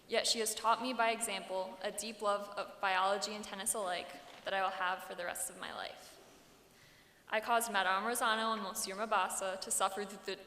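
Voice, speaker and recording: Bright-voiced teen girl, echoey hall. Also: medium pitch. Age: teens. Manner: earnest, self-deprecating, upbeat. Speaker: salutatorian giving graduation speech. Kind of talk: prepared commencement speech. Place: large hall. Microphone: podium microphone. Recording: echoey hall with long reverb.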